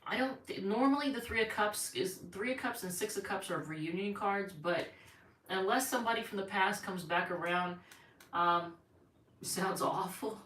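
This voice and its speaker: A woman's voice: mid-range voice, moderate pace, fairly bright tone, distant mic. A woman giving a rambling, chatty tarot reading on a live stream from home, thinking aloud as she goes. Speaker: tarot reader. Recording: echoey room, voice off-mic, faint noise.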